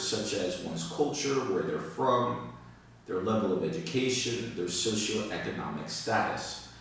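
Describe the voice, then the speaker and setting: Man, English teacher, slow careful explaining, lowish voice, far from the mic, strong room echo. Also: a bit bright. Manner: slow, deliberate explaining with repeated key words. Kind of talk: video lesson. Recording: echoey room, distant from the mic.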